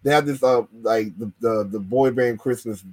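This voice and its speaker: A man's voice: medium pitch, normal speed, darkish tone, no echo. A man co-hosting a casual wrestling podcast, rambling with slang and many fillers. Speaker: podcast co-host.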